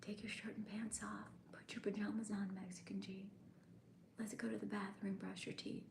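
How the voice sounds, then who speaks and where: A woman doing a whispered role-play, voicing a soft-spoken woman who coaxes the listener through a bedtime routine. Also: medium pitch, little pitch movement, moderate pace, reverberant, a little hiss or hum, natural voice. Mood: coaxing. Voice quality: breathy whisper.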